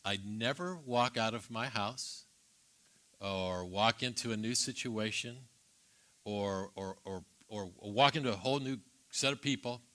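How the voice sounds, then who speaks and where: A man's voice: on the low side, unhurried, pushed and bright. A man, a church pastor, speaking thoughtfully in a conversation. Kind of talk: reflective conversation.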